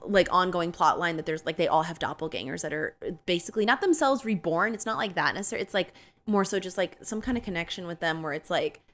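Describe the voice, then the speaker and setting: A woman's voice: on the low side, lively intonation, fast talker, fairly bright tone. A young woman co-hosting a podcast, chatting animatedly about films, jumping in with asides and laughs. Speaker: podcast co-host. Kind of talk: casual chat, movie recap.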